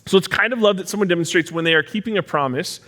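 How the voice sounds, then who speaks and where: A man's voice: high voice, quick pace, bright, forceful tone. A young man preaching a sermon in a casual, joking, teacher-like way. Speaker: pastor.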